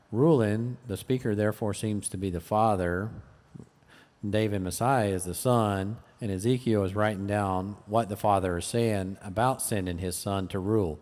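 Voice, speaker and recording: A man reading listener questions aloud in a halting way, with fillers. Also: lowish voice, darkish tone, big-room sound. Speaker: question reader.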